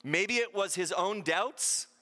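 This male pastor's sermon unfolds slowly yet with animated energy, as he imitates the voices of those he quotes. His voice is high, bright and forceful, and a long hall reverb lingers after each phrase.

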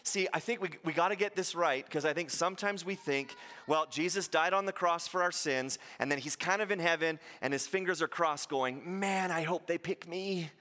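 A long hall reverb follows every phrase as a male pastor delivers a sermon with animated energy, taking on the voices of those he quotes. His high voice is bright and forceful, at a normal speed with few pauses.

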